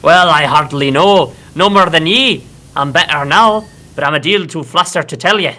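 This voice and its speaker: Streamer voicing a flustered lizard groundskeeper, rough Scottish-ish lilt, bright tone, storybook read-aloud. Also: mid-range voice, normal speed, close to an everyday voice. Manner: rough Scottish-sounding put-on voice.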